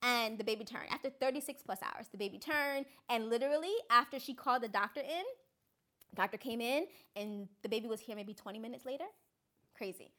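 A young adult woman appearing as a guest author tells stories in a casual chat, animatedly acting out other people's lines. Her voice is fairly high and she talks a little fast.

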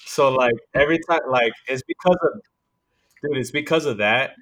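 A man's voice: medium pitch, moderate pace, fairly bright tone. A man in casual podcast chat, joking around and swearing a lot. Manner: joking, swears a lot, laughs between lines. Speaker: podcast co-host.

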